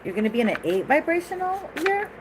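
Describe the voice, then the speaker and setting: A woman's voice: high-pitched, big pitch swings, fast, background noise. A woman giving a casual tarot reading in a chatty, rambling way, laughing often and going off on asides. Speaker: tarot reader.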